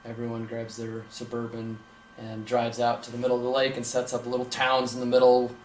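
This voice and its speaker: A man's voice: mid-range voice, a little fast. A young man from Minnesota, telling stories casually in an interview and acting out the voices he quotes. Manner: animated, acts out quoted voices. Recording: echoey room with faint hum.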